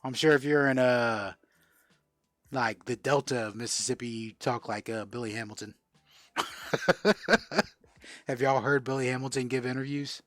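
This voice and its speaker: A man's voice: medium pitch, steady tone, moderate pace, long pauses, fairly bright tone, no room sound, clean studio sound. A man from South Florida hosting a casual live-stream card sale, chatting and answering viewer comments as he goes. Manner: chatty, reads out and answers viewer comments while selling cards.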